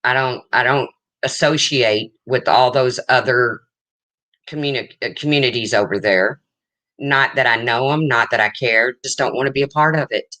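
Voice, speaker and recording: An older woman hosting a casual livestream chat, blunt and rambling, with a low voice that callers mistake for a man's. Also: moderate pace, a bit bright, no echo. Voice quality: low, husky-sounding voice, often mistaken for a man's. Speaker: livestream host.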